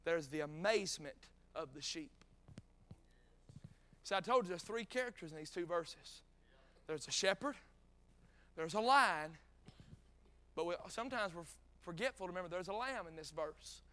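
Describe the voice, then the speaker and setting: A middle-aged man preaching a revival sermon in a North Carolina drawl. His voice sits very high and sounds clear and smooth, with a bright, forceful edge. He tells stories folksy-style, cracks jokes and climbs to shouted peaks. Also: lively intonation, normal speed, long pauses. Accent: North Carolina Southern. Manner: folksy, joking asides, rising to shouted peaks.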